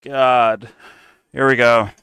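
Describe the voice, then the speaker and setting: A man's voice: mid-range voice, flat delivery, slow, bright, forceful tone, smooth, no echo, studio quality. A young man hosting a reaction commentary, cursing and mocking in a blunt, sarcastic way. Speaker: commentary host reacting to clips.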